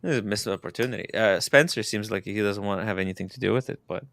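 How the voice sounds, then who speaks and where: A man co-hosting a casual podcast panel chat, rambling with frequent halting restarts. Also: lowish voice, vocal fry, a bit bright, no echo. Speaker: podcast co-host. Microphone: studio mic.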